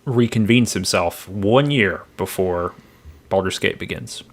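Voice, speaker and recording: A man's voice: low-pitched, measured pace. A man co-hosting a podcast, chatting in a laid-back, teasing way. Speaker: podcast co-host. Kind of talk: casual podcast chat.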